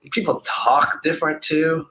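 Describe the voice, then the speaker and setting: A man chatting casually as an interview guest, relaxed and rambling with lots of "like" fillers. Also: a little high, moderate pace. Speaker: guest, SEO entrepreneur. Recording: roomy echo with faint noise.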